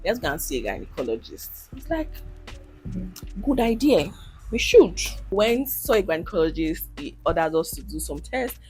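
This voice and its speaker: Speaking a little fast with hardly any pauses over faint background music, a woman in her thirties recounts her own story for her vlog as a content creator. Candid and emotional, she sighs, laughs, and animatedly voices quotes with large pitch swings.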